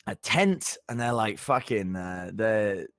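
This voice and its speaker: A young man tells a story in loose, profane chat. His voice swings widely in pitch as he stumbles, restarts and piles on the swearing. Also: expressive, takes it slowly, a bit bright, dry recording, studio quality. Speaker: podcast co-host.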